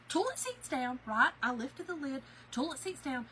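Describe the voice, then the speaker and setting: A woman with a high-sitting voice speaks at normal speed, hosting a craft channel and chatting casually with livestream viewers from home. She tells stories in a chatty, animated way and laughs often, captured on a low-quality recording.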